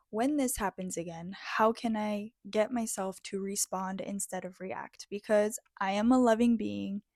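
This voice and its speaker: A woman giving a reflective, motivational self-help talk in an earnest, heartfelt way, pausing often between phrases. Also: mid-range voice, no echo, studio quality. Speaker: spiritual self-help speaker.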